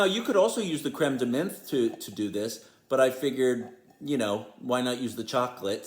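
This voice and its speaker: A man hosting a casual home bartending vlog, chatty and self-deprecating, with playful emphasis. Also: medium pitch. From New York. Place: home bar.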